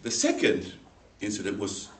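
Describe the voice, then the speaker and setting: A man giving a humorous personal story as a speech, animated and acting out the people in it. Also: fairly low pitch, normal speed. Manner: animated, acts out voices in the story, laughs along. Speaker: speaker at a speaking club. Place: meeting room. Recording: echoey room, mic far off, faint noise.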